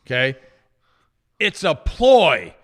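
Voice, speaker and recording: A man's voice: on the high side, very slow. A man co-hosting a talk show, telling stories with acted-out quotes in opinionated casual talk. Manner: lively storyteller, acts out quoted voices, repeats himself.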